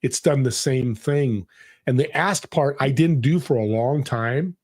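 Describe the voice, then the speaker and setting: A man's voice: medium pitch, unhurried, darkish tone. A middle-aged man, a podcast guest, telling a personal story in an earnest, motivational way. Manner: earnest, motivational, acts out quoted people. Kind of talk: conversational storytelling.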